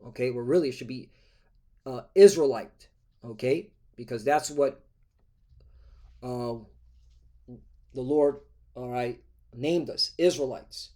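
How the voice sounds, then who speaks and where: A man's voice: mid-range voice, warm tone. A man preaching a scripture-reading sermon, reading verses aloud and breaking in with constant "all right? okay?" check-ins, in a combative tone.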